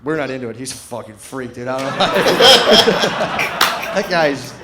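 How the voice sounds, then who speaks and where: A man's voice: medium pitch, sing-song, unhurried, very noisy. A middle-aged man doing stand-up comedy, telling a rambling story in a laid-back way and acting out what people said. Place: comedy stage before a live audience.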